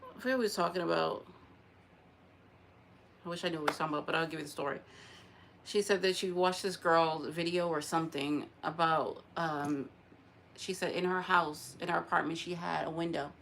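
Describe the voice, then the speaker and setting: Woman, casual rambling vlogger, slightly low pitch, faint background noise. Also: brisk, gravelly, pauses often. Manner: rambling, animated, laughs often. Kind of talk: casual spiritual talk to camera.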